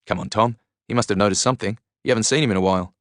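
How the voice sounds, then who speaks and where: A man voicing a young friend who asks careful, concerned questions. The voice sits a touch higher than the narrator's low tone, read close and dry in an audiobook. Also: rapid-fire, a bit bright, no room sound, lightly acted.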